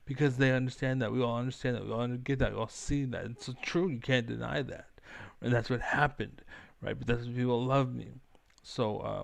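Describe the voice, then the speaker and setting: A young man with a gravelly, fry-edged voice rants in circles. He swears constantly, repeats his points and never doubts himself. The sound is close and dry, with no room around it. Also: medium pitch, dry recording. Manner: swearing, repetitive, self-assured. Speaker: streamer. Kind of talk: rambling profane rant.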